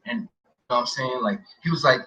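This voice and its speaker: A man telling a story casually in a rambling way, with many fillers, often dropping to a quiet mumble. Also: medium pitch, big pitch swings, quick pace. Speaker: interviewee recounting an experience. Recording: dull lo-fi audio.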